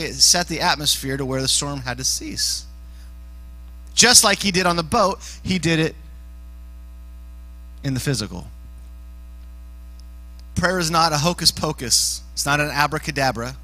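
High, bright-voiced joking youth pastor man. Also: low-quality recording. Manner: animated and joking, often rising to shouts. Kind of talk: casual youth sermon. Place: church youth service.

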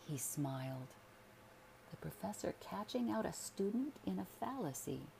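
A woman reading a literary story aloud as a sleep story narrator, in a soothing, measured way. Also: medium pitch, very animated, creaky, dark tone, breathy edge.

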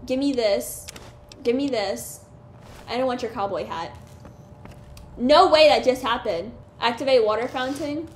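A woman commenting on her own gameplay, excitable and talking back at the enemies on screen. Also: on the high side, a little slow, long pauses. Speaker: gaming streamer. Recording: echoey room with faint hiss.

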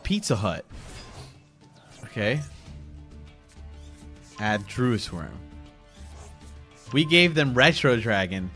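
A young man streaming a card game, giggling and excitedly calling out each play as it happens. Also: medium pitch, extremely slow, long pauses, soft background music. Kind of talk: live gameplay commentary.

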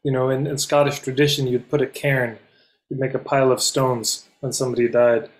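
Flat-voiced man, reflective and measured. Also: mid-range voice. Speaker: memorial speaker. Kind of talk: reflective memorial address.

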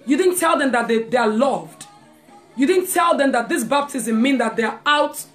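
A woman's voice: high voice, moderate pace, soft background music. A woman preaching a live-streamed sermon. She reads scripture aloud and talks straight to her listeners with friendly asides.

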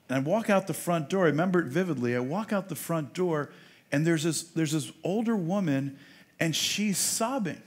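A middle-aged man delivers a sermon in a high, light voice. He builds to loud, emphatic declarations, then falls to a soft, quiet tone for a personal story. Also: animated, normal speed. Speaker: rabbi preaching.

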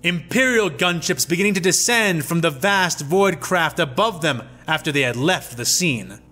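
Guy reading his fan story out super dramatic, bright voice that swings around a lot, soft music under it. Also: a little high, expressive, moderate pace. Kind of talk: dramatic fan-fiction narration.

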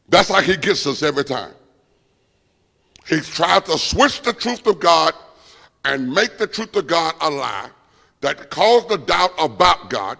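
A man's voice: a little high, vocal fry, fairly bright tone. A man preaching a Bible study sermon, calling on the room to answer and fill in words. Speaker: pastor. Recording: long church reverb.

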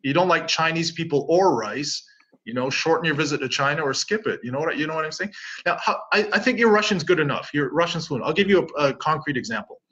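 A middle-aged man from Canada talks through his stories in a casual interview, acting out both sides of each conversation. His voice is bright with a slightly husky edge. The recording sounds dull and lo-fi. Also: fairly high pitch, fast talker. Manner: animated storyteller, acts out both sides of conversations. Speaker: interview guest. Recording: dull lo-fi audio.

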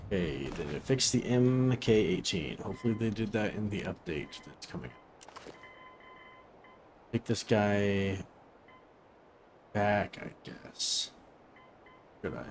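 Let's play host, male, low voice, casual profane rambling over loud game ambience. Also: takes it slowly, vocal fry, long pauses, a little hiss or hum. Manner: rambling, profane, self-deprecating. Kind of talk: casual gameplay commentary.

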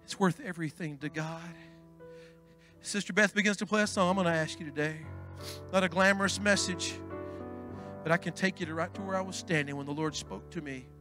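A man preaching a Pentecostal sermon as pastor, swinging from hushed asides to shouted climaxes. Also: a little high, steady tone, a little fast, music in the background.

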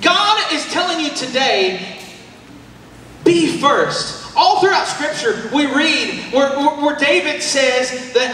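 High, bright preacher in an echoey hall. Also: male voice, slow pace, far from the mic, a little hiss or hum. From Oklahoma, USA. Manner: energetic, shouting, calls for response from the crowd. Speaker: youth camp preacher. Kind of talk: sermon. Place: large church hall.

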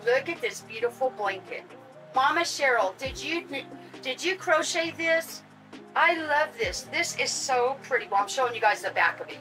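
An older woman, gushing and excitable as she unboxes dolls in a casual vlog and chats to her viewers. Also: on the high side, rough recording. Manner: gushing, excitable, talks to her audience and pets. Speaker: vlogger unboxing reborn dolls.

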